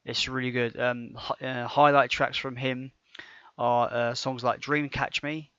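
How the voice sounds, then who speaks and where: A man's voice: mid-range voice, little pitch movement, measured pace, sharp tone, clear, resonant tone, dry recording. Give me a man chatting eagerly on a podcast, with a muffled, dry recording. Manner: rambling, stumbling restarts, enthusiastic. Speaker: podcast co-host. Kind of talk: casual podcast chat. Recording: dull dry lo-fi podcast audio.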